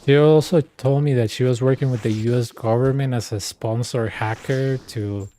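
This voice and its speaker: A man with a mellow, darker tone and a middling pitch, chatting casually while he plays a game. He tells rambling stories full of slang and fillers, calling the listener "dude" and "man" as he goes. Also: steady tone, normal speed, slight background noise. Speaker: streamer. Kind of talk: casual chat while gaming.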